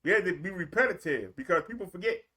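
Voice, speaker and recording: Guy preaching w a really high voice, chatty, repeats himself a lot, tells little stories. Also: animated, quick pace, sharp tone. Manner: repetitive, colloquial, vivid storytelling. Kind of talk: streamed sermon.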